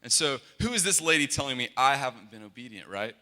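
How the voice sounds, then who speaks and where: A man's voice: medium pitch, expressive, fast talker, pushed and bright. A young man giving a sermon as a worship leader, earnest and conversational, often restarting his sentences. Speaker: worship leader and guest speaker. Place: large hall. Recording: long hall reverb.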